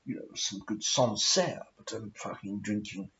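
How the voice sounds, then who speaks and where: A man's voice: fairly low pitch, unhurried, sharp tone, dull audio. A man with a posh English accent, rambling through a sweary, self-mocking vlog monologue while smoking. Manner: profane, meandering, self-mocking asides. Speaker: vlogger.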